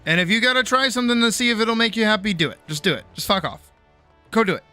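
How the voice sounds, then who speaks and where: Male streamer, late-night casual chat, worn out with a sore jaw, bright forceful tone, loose and sweary, soft music under the desk mic. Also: high voice, animated, quick pace. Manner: rambling, swears freely, self-mocking. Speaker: streamer and animator. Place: home streaming setup.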